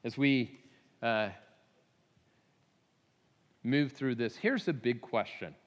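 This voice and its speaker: A man's voice: mid-range voice, lively intonation, slow pace, long reverb tail. A man preaching a sermon in a casual, conversational way, with chuckling asides and lots of "uh" restarts. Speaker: pastor.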